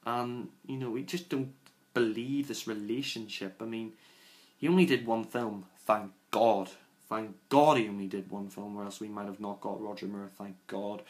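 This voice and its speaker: A man's voice: lowish voice, fairly even intonation, normal speed, roomy sound. A man giving a casual film review, rambling with lots of "you know" and "I mean" and sounding scathing and exasperated.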